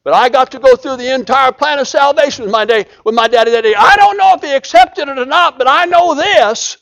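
Impassioned preacher, high voice. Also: male voice, fairly quick. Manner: impassioned, swings from loud cries to hushed pleading. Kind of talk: sermon.

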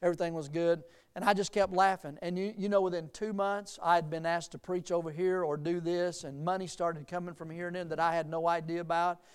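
A middle-aged male pastor preaching a sermon, telling folksy personal stories and rising to emphatic, lively preaching. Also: high-pitched, brisk, few pauses, clear, resonant tone.

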